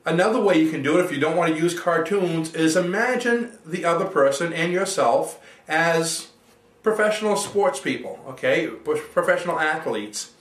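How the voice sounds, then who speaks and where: A man's voice: a little high, animated, moderate pace, a bit bright, roomy sound, recorded from a distance. A man coaching listeners through a self-help exercise and explaining it in plain steps. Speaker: NLP coach. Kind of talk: instructional self-help talk.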